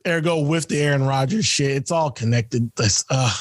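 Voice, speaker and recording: A man's voice: medium pitch, normal speed, no echo, studio quality. A man co-hosting a podcast, telling stories in a loose, profane, casual way, full of fillers and laughs. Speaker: podcast co-host. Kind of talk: casual chat.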